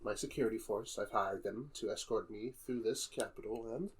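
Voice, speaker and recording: A man's voice: fairly low pitch, normal speed. A man playing a tabletop game who bluffs his way through as an ambassador in a dry, offhand way. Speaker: player. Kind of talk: casual tabletop play, in character. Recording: faint background noise.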